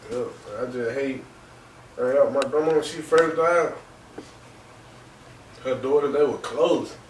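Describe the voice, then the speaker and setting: A male podcast host recounts something personal, stopping and restarting and leaning on "man" and "you know." His voice sits at a middle pitch and comes from some distance off the mic. A roomy echo and a faint background hum hang around it. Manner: halting, repeats phrases, filler "man" and "you know". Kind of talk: emotional personal storytelling.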